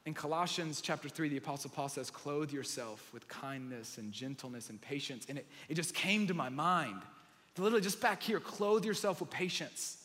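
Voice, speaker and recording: A man preaching a sermon, telling a lively story and then praying earnestly over a congregation. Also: a little high. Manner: animated storyteller, earnest in prayer. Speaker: pastor. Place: large room with congregation. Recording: long hall reverb.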